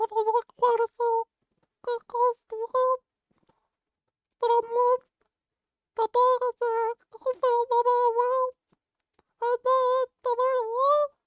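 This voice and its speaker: A streamer voicing a tiny squeaky game creature that recites grand quotes with lip smacks. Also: little pitch movement, takes it slowly, pauses often, no echo, highs cut off. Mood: solemn.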